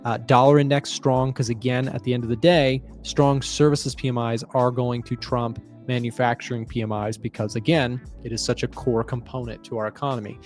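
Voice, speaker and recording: A man's voice: medium pitch, steady tone, fairly quick, few pauses, a little mellow, faint music behind. Man hosting market commentary. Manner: conversational, explains and asks questions. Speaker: trading show host.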